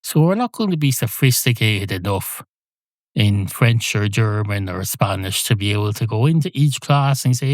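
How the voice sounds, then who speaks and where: A man's voice: on the low side, expressive, moderate pace, dry recording, studio quality. An Irish man hosting a podcast, delivering a rambling comic monologue in a mock-scolding tone. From Ireland. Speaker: podcast host.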